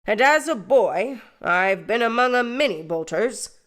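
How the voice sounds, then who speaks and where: A woman voicing a kind, slow-witted village blacksmith, grown man, talking slowly and earnestly in an audiobook. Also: on the high side, animated, fairly bright tone. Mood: confiding.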